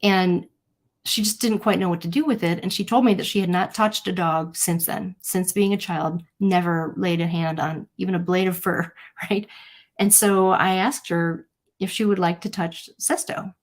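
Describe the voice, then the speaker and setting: A woman with a slightly low voice hosts a live-streamed talk, speaking to her viewers in an earnest, personal way. She tells stories and acts out what people said with lively quoted voices. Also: moderate pace. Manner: earnest, storytelling, animated quotes. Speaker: host.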